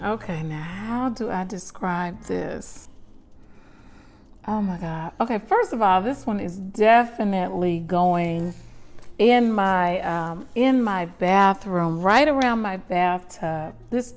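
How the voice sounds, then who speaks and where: A woman's voice: mid-range voice, darkish tone. A woman vlogger chatting casually at home while unboxing, gushing with lingering "mm"s as she stops to smell. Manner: gushing, breathy pauses to smell. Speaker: lifestyle vlogger.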